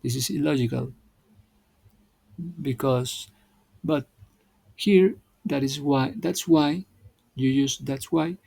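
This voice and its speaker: Slow, gravelly-voiced male English teacher. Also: mid-range voice, a little mellow, no room sound, rough recording. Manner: halting, repeats and restarts words while explaining. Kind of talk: explaining grammar exercises.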